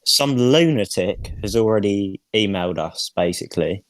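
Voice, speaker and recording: A man co-hosting a podcast, with a low, monotone voice and a jokey, deadpan way of talking that drifts into casual swearing. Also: moderate pace, no room sound. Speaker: podcast co-host. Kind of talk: casual chat, reading fan mail aloud.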